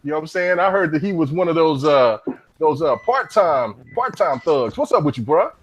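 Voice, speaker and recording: Animated slangy man hosting a podcast. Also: on the high side, a little fast, lo-fi sound. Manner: laid-back slangy banter, repeats "you know what I'm saying". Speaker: podcast host. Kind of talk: casual gaming podcast chat.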